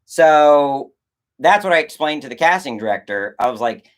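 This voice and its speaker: A filmmaker answers his chat during a casual livestream, talking in an animated, rambling way. He swears and acts out quoted exchanges, using a medium-pitched voice at a normal speed.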